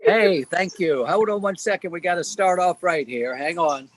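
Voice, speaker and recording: A man joining a video call as a guest speaker, talking with high energy. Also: normal speed, no echo.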